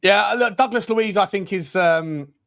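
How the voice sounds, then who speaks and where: A man's voice: sits high, a little slow, gravelly, fairly bright tone. Chatty English man co-hosting a live stream. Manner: chatty, rambling, lots of fillers. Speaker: co-host. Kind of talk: casual live-stream chat.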